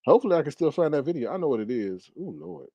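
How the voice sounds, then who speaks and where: Man, livestream gossip host, casual chat, laughing, very animated pitch, dry close sound. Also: very fast, vocal fry, no echo, lo-fi sound. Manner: chatty, laughing, talks straight to viewers as y'all. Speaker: YouTube commentary host.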